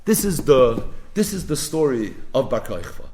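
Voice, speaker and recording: A man's voice: medium pitch, sing-song, moderate pace, a little mellow. A man teaching a Talmud lesson, retelling the story dramatically and building to emphatic peaks. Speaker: Talmud lecturer.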